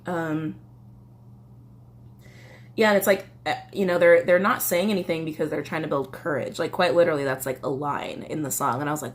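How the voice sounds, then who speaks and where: A woman's voice: sits low, fairly quick. A woman chatting casually through a tarot reading, with a slight cough and a loose, swearing manner. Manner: chatty, swearing, reads song lyrics aloud. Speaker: tarot reader.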